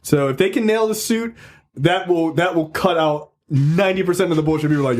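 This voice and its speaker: A man hosting a podcast in casual chat, excitable and laughing, often saying "yo". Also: on the high side, a little fast. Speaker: podcast host.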